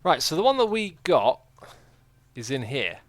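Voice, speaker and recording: Very animated but measured in pace, this game livestream host has a mid-range voice with no echo. He chats casually, reads out what viewers write, and pokes fun at himself.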